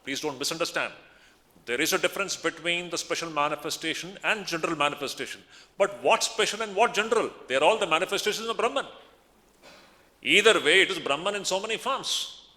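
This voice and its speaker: Monk lecturing in a reverberant hall. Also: male voice, fairly high pitch, fairly quick, pushed and bright. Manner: emphatic, repeats phrases, chants Sanskrit verses. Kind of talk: spiritual discourse.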